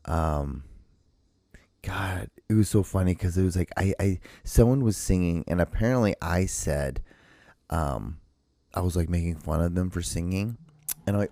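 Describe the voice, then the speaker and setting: A man's voice: low-pitched, vocal fry, darkish tone, dry recording. A young man hosting a podcast, telling a rambling story in casual chat, swearing often and restarting his sentences. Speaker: podcast host.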